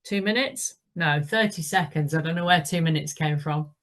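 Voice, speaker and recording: A woman's voice: low-pitched, steady tone, normal speed, fairly bright tone. A woman leading an indoor cycling class, giving encouraging instructions and calling out the pedaling rhythm.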